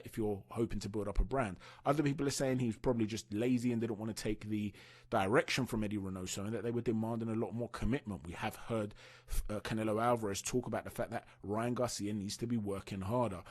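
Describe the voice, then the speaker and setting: A man's voice: fairly low pitch, fast talker, darkish tone. A man hosting a channel, giving casual, opinionated boxing news commentary and asking viewers what they think. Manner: chatty, opinionated, asks viewers for their views.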